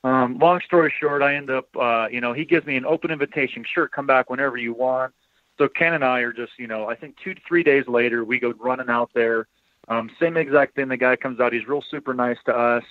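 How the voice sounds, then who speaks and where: A man telling a story as a podcast guest in excited, animated casual chat, heard over a dull remote line. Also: mid-range voice, dry recording.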